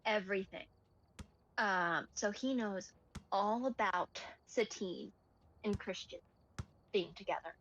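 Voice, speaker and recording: Woman streamer, casual animated storyteller, mid pitch, dull mic with faint background noise. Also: slow pace, pauses often. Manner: animated storyteller, acting out quoted lines. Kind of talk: casual chat, retelling a film plot.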